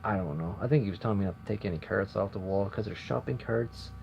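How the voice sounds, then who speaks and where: A young man vlogs about his old job at a fast clip, chatty and self-interrupting, in a fairly low, darkish voice with vocal fry. Faint noise runs under the dull, lo-fi recording.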